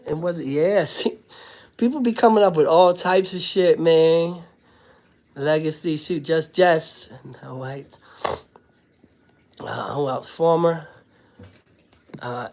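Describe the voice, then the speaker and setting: Guy with a cold on a live stream, coughing, cussing casually, shouting out his viewers and talking to his kid. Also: on the high side. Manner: loose and profane, shouting out viewers by name, talking to his toddler son. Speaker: livestream host, former prisoner.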